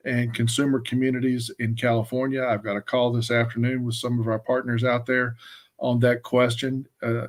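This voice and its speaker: A man from Wyoming giving an earnest, emphatic policy update on a live webcast, often restarting his sentences. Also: medium pitch. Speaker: government affairs staffer.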